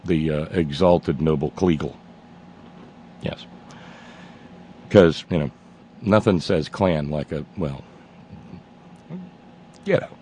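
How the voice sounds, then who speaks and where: A male talk-radio host delivers a casual, rambling monologue. His tone is sardonic and his voice sits low, with a gravelly texture. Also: a little mellow, slight background noise. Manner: rambling and sardonic, with many fillers and restarts.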